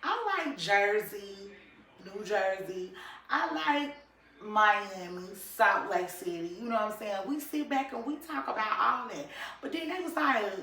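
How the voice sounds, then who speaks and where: A woman's voice: medium pitch, a little slow, recorded from a distance. A woman YouTube vlogger chatting casually and animatedly to her viewers. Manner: animated, talks straight to viewers. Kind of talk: casual commentary chat. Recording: echoey room, voice off-mic.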